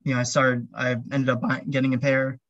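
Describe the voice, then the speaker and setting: A man's voice: mid-range voice, monotone, brisk, a bit bright, dry recording, dull audio. A man chatting casually as an interview guest, rambling with lots of "um" and "like" fillers. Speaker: podcast guest, ultrarunner.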